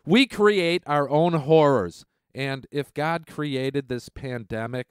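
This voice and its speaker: A man's voice: fairly high pitch, takes it slowly, few pauses, clean tone, dry recording, clean studio sound. A man hosting a radio talk show, delivering ranting political commentary in a heated, sarcastic, mocking manner.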